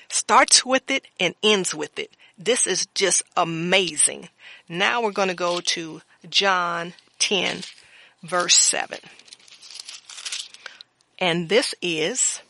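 Preacher type, gravelly and bright-edged, dry close sound, reads verses then adds fervent amens. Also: medium pitch, takes it slowly, no room sound. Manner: reads scripture aloud with fervent interjections. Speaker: Bible teacher. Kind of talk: Bible study teaching with scripture reading.

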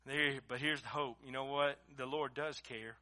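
A man preaching a sermon, moving between quiet storytelling and loud, emphatic preaching in a folksy way. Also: medium pitch, steady tone, normal speed. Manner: swings from hushed storytelling to shouted preaching. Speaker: pastor.

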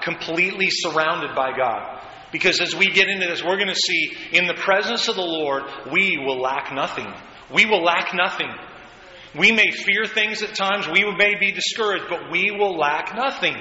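A man's voice: a little high, bright, forceful tone. A man preaching a sermon as pastor, speaking conversationally and rising into fervent prayer. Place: church hall. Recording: echoey hall, dull sound, faint noise.

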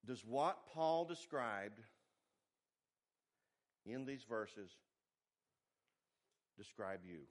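A male pastor, preaching a sermon with animated swings between loud emphasis and quiet asides. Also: drawn-out words, pauses often. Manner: animated preaching, pitch and volume rising and falling widely.

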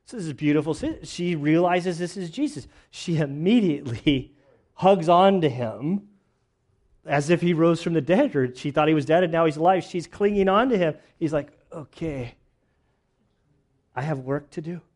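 A male pastor preaching verse by verse in a relaxed, conversational manner. His voice sits slightly higher than most men's, and he slips into dramatized voices for the people in the story. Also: normal speed. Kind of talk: expository sermon, reading and retelling scripture.

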